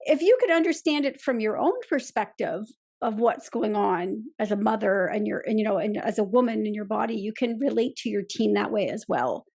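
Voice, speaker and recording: A woman's voice: mid-range voice, expressive, fairly quick, creaky, a little mellow. A woman hosting a podcast conversation, frank and chatty. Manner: frank, chatty, laughs along. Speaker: podcast host.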